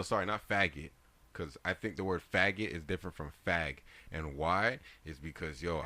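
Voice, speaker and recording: A man in his twenties, co-hosting a podcast in casual chat, loud and laughing as he tells stories. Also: sits low. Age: 20s. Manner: loud, laughing, animated storytelling. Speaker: podcast co-host.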